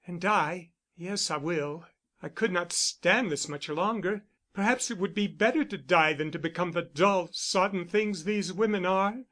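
A man's voice: high voice, unhurried, bright, forceful tone. A man reading the part of a troubled young woman who sounds bitter and worn down, with a pleading way of speaking. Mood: despairing. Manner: pleading, weary.

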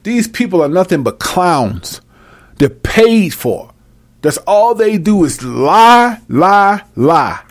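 A man giving a freewheeling, profane Bible commentary, brash and mocking, swinging between loud outbursts and low mutters. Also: sing-song, slow pace. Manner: brash, mocking and full of cursing. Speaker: self-styled preacher.

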